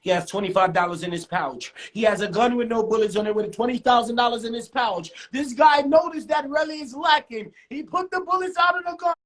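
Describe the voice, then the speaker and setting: A man telling a comic street story, animated and repetitive with dramatic outbursts. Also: extremely high pitch, a little fast, few pauses. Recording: roomy echo.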